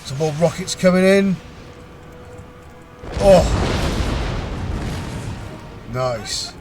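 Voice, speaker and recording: Over music, a man with a high voice commentates a video game battle casually. He speaks haltingly, pausing and restarting often, and sounds lightly amused.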